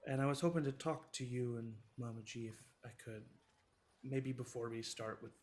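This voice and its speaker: A man's voice: mid-range voice, fairly even intonation, moderate pace, a little mellow, natural voice. A man voicing a returned grown child in a tabletop game, speaking in a subdued, hesitant, apologetic way.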